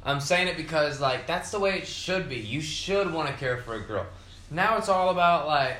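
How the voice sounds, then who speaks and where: A man's voice: a little high, animated, normal speed, pushed and bright. A young man hosting a podcast, tipsy from beer, rambling through a casual monologue full of swearing and fillers. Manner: profane, meandering, frequent fillers. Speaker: podcast host. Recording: roomy echo.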